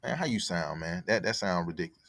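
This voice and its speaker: A man's voice: deep voice, lively intonation, fast, fairly bright tone, no echo, studio quality. A man telling a story in casual, profane, rambling talk as a podcast host, often repeating himself. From born in Connecticut, raised in Atlanta.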